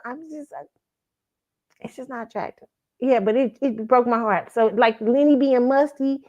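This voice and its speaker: A woman hosting a casual pop culture commentary show, animated and laughing often, swearing freely and acting out her own reactions. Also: medium pitch, lo-fi sound. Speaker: host.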